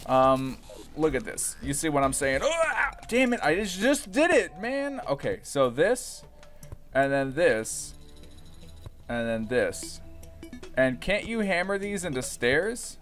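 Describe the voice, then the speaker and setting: A young man giving casual, profane let's-play commentary, rambling and breaking into excited yells. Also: a little high, slow pace, faint music behind. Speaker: gaming YouTuber.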